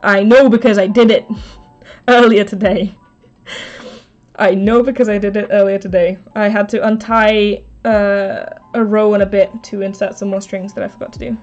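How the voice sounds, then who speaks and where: A woman's voice: medium pitch, flat delivery, moderate pace, darkish tone. A woman live streaming as she crafts, chatting casually, thinking aloud and answering her chat. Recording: slightly dull stream audio, faint background music.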